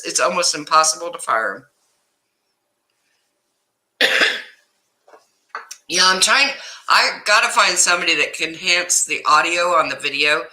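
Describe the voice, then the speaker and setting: A middle-aged woman hosting a casual livestream, telling a story in an animated way and greeting viewers by name, upset and stressed. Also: on the low side, low-quality recording. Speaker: livestream host.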